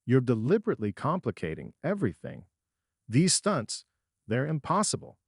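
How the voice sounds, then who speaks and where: A man's voice: medium pitch, wildly swooping pitch, normal speed, slightly rough, no room sound, clean studio sound, heavily acted. A man voicing a nervous, cowardly male movie star who stammers with a trembling voice. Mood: panicked.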